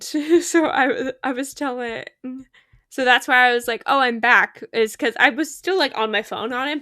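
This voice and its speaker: A bubbly young woman chatting through a game stream, giggling and getting excited as she talks. Her voice sits a little high, and the sound is close and dry, with no room around it. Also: dry recording. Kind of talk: casual gaming stream chat.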